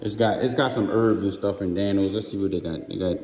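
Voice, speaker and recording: A man's voice: sits low, fairly even intonation, brisk, darkish tone. A man hosting a casual cooking demonstration, chatting folksily and straight to the viewers while filming on a handheld phone. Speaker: cook and host. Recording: roomy distant sound, faint background noise.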